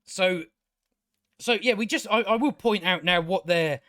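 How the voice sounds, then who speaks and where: High-voiced sarcastic man reviewing. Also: measured pace, pushed and bright, dry recording, studio quality. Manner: sarcastic, exasperated, swears freely, many restarts. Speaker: TV review channel host. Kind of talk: casual spoken review.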